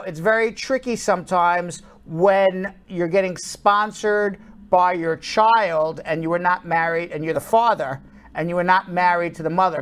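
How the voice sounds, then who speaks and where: A woman co-hosting a live online show, greeting viewers by name and explaining immigration rules in an upbeat way. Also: on the low side. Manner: upbeat, calls out viewers' names, explains legal rules at length. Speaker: co-host. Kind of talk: live-stream show, reading viewer names and answering questions.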